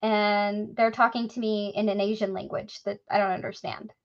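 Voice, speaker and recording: A woman's voice: medium pitch, moderate pace, lo-fi sound. A woman casually telling a story on a podcast, acting out the voices of the people in it. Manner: animated, acts out quoted voices.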